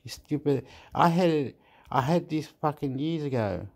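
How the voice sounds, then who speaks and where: A man's voice: a little high, lively intonation, unhurried, gravelly, darkish tone. A man rambling and swearing in a casual monologue, dropping into now and then. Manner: swearing, rambling, mixes English and Spanish.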